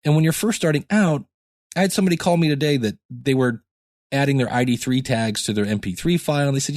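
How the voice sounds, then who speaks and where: A man's voice: medium pitch, animated, fast talker, darkish tone, dry recording, clean studio sound. A man hosting his own podcast, talking casually and rambling with jokey asides, tired from lack of sleep. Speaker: podcast host. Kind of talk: casual solo podcast talk.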